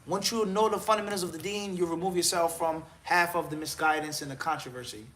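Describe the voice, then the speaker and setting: A man's voice: high voice, pushed and bright. Firm, exhorting male preacher. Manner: firm, exhorting, counts points, jokes about himself. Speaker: mufti answering questions. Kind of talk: live Q&A answers.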